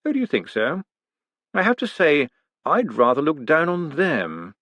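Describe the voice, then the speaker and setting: A man doing a slow, icy aristocratic tyrant. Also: a little high, huge pitch swings, fairly bright tone, dry recording, voice pushed up, heavily acted. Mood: cool menace. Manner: slow, measured, precise and icy. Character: cold, dry, menacing aristocratic male tyrant.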